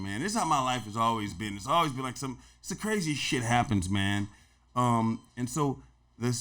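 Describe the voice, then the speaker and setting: A middle-aged man, a podcast guest, telling stories in a casual, animated and slangy way, often saying "man" and "bro". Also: mid-range voice. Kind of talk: casual storytelling.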